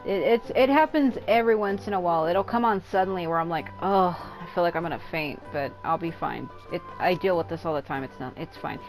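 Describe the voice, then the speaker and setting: A woman's voice: fairly low pitch, quick pace, few pauses, faint music behind, poor audio. A woman streamer giving casual, rambling commentary while playing a game, sounding tired and worn out. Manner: rambling and chatty, reacting aloud. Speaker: gameplay streamer.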